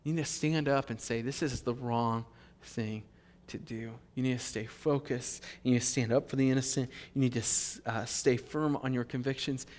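A male pastor preaching a sermon in an animated, emphatic way. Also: medium pitch, brisk, hardly any pauses. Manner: animated, emphatic, with fillers and restarts. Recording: long hall reverb.

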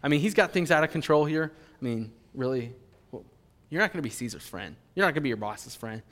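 A man voicing scheming leaders who coax and pressure, speaking quickly and low. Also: lively intonation, fairly bright tone, natural voice. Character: scheming male crowd leaders, coaxing and pushy. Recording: long hall reverb.

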